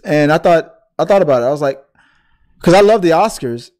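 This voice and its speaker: Rambling, higher-voiced American man. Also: lively intonation, brisk, darkish tone. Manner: rambling, many restarts and stumbles. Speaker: podcast co-host. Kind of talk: casual chat.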